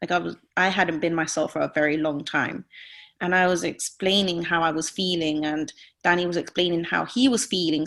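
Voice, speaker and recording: Candid woman in her thirties, lowish voice. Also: a bit bright. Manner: earnest, heavy use of "like" fillers; openly emotional, confessional. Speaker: guest. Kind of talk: candid personal storytelling.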